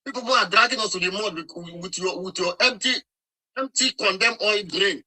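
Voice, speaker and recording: A Nigerian man arguing hard in a live online debate, his voice high and very bright and forceful. He scolds, repeats his points and keeps talking over anyone who cuts in. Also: a little fast, low-quality recording. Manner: scolding, repetitive, talks over interruptions. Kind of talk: heated argument.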